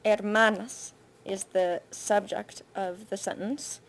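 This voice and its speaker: A woman Spanish teacher, recording patient spoken feedback on a student's essay, thinking aloud with frequent pauses and fillers. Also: medium pitch, fairly even intonation, a little hiss or hum. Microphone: computer mic for screen recording.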